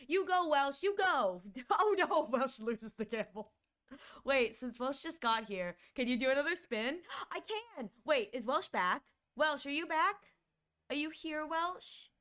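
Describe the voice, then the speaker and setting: A woman with a Northern US accent chatting casually on a live stream, bubbly and excitable, often laughing. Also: high-pitched.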